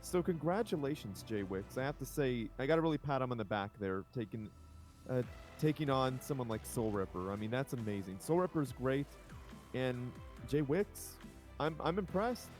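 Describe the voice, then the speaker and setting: A man's voice: medium pitch, animated, normal speed, darkish tone, soft background music. Rambling, enthusiastic male co-caster. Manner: rambling, enthusiastic, self-correcting. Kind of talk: casual live-stream casting chat. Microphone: home microphone over an online voice call.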